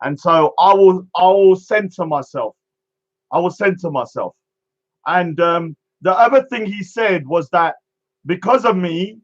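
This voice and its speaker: A man's voice: high voice, dull audio. A man, a street speaker giving vlog commentary in a mocking, repetitive manner.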